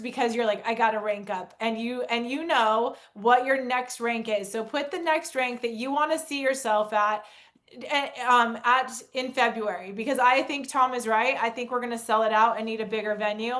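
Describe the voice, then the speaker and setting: A woman's voice: sits high, fairly bright tone. A woman hosting a video call in an upbeat way, greeting attendees by name. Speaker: host.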